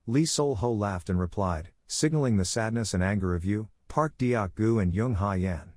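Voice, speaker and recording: Guy reading a comic recap, lowish voice, dry close mic, does all the lines the same way. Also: moderate pace, hardly any pauses, no room sound. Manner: reads every character's lines in the same flat narrating voice. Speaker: narrator. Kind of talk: scripted story recap narration.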